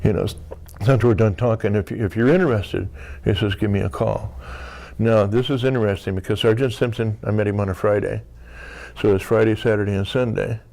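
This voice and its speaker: This US man in his sixties speaks fairly quickly in a fairly low, creaky, slightly mellow voice with fairly even intonation. He's an interview guest in a casual storytelling interview, meandering through a lengthy anecdote with plenty of "you know" and acted bits of dialogue.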